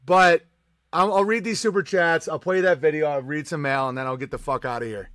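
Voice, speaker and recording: High-voiced, profane male streamer. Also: animated, brisk, a bit bright, no echo, clean studio sound. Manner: profane, combative, sarcastic. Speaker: livestream host. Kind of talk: ranting live-stream chat.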